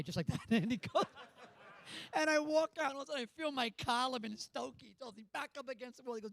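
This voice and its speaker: A man on a panel telling a long, animated story and laughing often. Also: sits high, moderate pace, creaky, pauses often, no echo. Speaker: panel guest. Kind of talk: anecdote on a panel.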